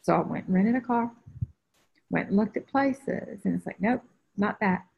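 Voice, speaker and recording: This spiritual teacher, a woman, tells a personal story during a group video call, bringing the quoted voices to life with animated performance. Her medium-pitched voice is gravelly with a breathy edge and a moderate pace, heard through dull, lo-fi call sound.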